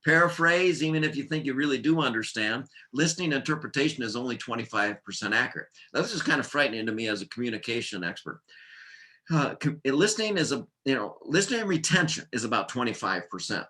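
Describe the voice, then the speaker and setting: A man leads a workplace training seminar in a bright, forceful voice at an ordinary middle pitch. He keeps things lively with jokes and drives his points home in short, punchy lists. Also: quick pace. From United States.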